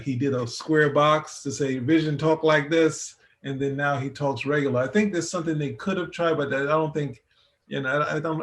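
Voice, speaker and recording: A man co-hosting a casual review chat, rambling with many restarts as he thinks aloud. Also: mid-range voice. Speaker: podcast co-host.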